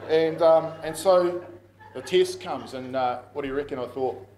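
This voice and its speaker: A middle-aged pastor with a New Zealand accent delivers a sermon in a relaxed, conversational way, often laughing at his own stories. His voice sits a little high for a man. The sound carries the echo of a large room. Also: moderate pace. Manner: conversational storytelling, laughs at himself. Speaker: pastor and school principal. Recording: echoey room.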